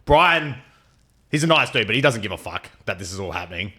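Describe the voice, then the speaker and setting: A man's voice: lowish voice, big pitch swings, fairly quick, bright, forceful tone, husky. A young adult man with a nasal voice, a fighter telling stories in a profane, rambling way in a casual podcast chat. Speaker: MMA fighter and guest.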